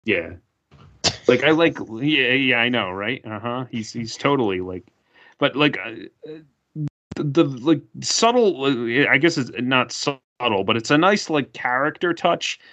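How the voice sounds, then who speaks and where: A man's voice: medium pitch, expressive, a little slow, bright, forceful tone. A man co-hosting a casual podcast chat, packing his speech with fillers and the word "like". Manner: filler-heavy, says like constantly. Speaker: podcast co-host. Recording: dull lo-fi sound.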